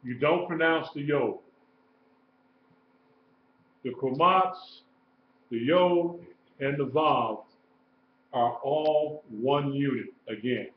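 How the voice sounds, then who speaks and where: A man teaching a live-streamed lesson, slow and patient, repeating sounds and letters. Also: medium pitch. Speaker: Hebrew teacher. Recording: roomy, dull live-stream audio with faint noise.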